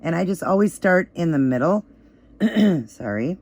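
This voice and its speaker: A slightly hoarse woman giving a casual, chatty step-by-step nail art tutorial, with easygoing instructions and fillers. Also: fairly low pitch, animated, a little slow, darkish tone. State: slightly hoarse, voice still crackly.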